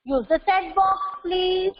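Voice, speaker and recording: High-voiced woman teaching slowly. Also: lo-fi sound. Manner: slow, repeats words for pronunciation drills. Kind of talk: online English class for children.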